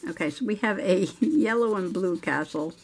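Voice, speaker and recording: A middle-aged woman runs a journaling channel and, in this clip, colors while telling a chatty story full of laughter. Her voice is mid-range and her speed normal.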